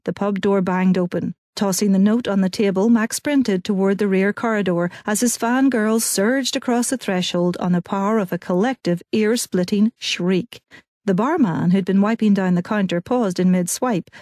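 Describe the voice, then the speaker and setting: A woman's voice: mid-range voice, normal speed, a little mellow, no room sound. Woman narrating an audiobook, dry and close. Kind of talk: scripted narration.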